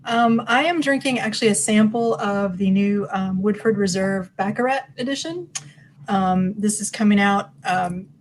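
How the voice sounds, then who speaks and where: A woman with a mid-pitched voice talks casually as a guest on an online chat. She is friendly and a little hesitant, and a faint hiss sits under her video-call audio. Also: moderate pace, low-quality recording. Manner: friendly, hesitant, lots of ums. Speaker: guest, magazine editor.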